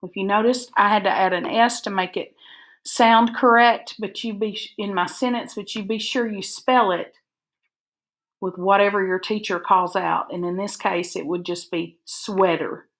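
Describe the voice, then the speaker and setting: A woman teacher, dictating spelling words and breaking them into syllables slowly and carefully for a recorded lesson. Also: medium pitch, steady tone, a bit bright. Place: recorded for an online video lesson.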